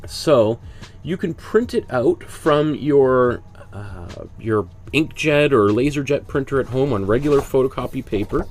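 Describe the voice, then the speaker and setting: A man with a cold teaching a painting class. He talks in a chatty way and explains each step as he works. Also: mid-range voice. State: congested with a cold. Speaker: art instructor. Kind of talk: casual painting demonstration.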